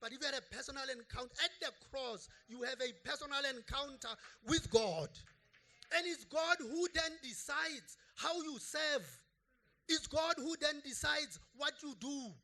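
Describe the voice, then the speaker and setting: A pastor delivers a sermon with a very high-pitched voice. His tone is bright and forceful. He preaches in an animated, conversational way, tossing in playful asides. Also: normal speed.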